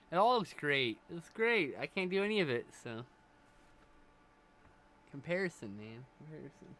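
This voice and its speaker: Male streamer, casual rambling chat, bright tense voice, faint room hum. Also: mid-range voice. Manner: rambling, joking, relays chat messages.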